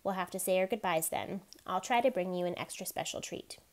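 A woman's voice: lowish voice, brisk, natural voice. A woman reading a novel aloud, voicing a curious, friendly young boy in a slightly raised voice. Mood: eager.

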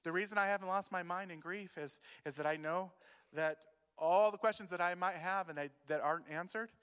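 A man giving an emotional sermon as a youth pastor, moving between quiet grief and loud urging. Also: sits high, fairly quick, clear, resonant tone. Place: church hall. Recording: long hall reverb.

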